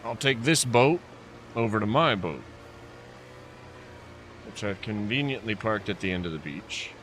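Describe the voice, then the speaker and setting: Low-voiced, bright-toned joking game streamer man. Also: animated, unhurried, slight background noise. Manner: rambling, joking self-talk. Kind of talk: casual gameplay commentary.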